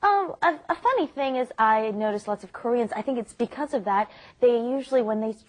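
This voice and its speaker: A woman's voice: on the high side, animated, a little fast. A woman hosting a casual language lesson, explaining expressions in a friendly way and laughing often. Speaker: language teacher host.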